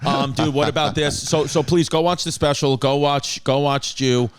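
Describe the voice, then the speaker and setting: A man's voice: a little high, steady tone, moderate pace. A man hosting a comedy podcast, talking loosely with profanity and stumbling restarts, and also reading ads. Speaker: podcast host. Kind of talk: casual comedy podcast chat and ad reads.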